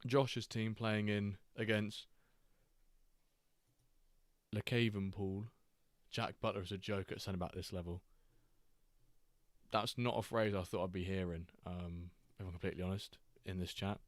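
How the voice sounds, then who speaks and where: A man hosting a live game stream, chatting casually, greeting viewers and reacting excitedly to player stats. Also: low voice, no echo, clean studio sound. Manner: chatty, reacts to chat readers by name, quick excited asides. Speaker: streamer host.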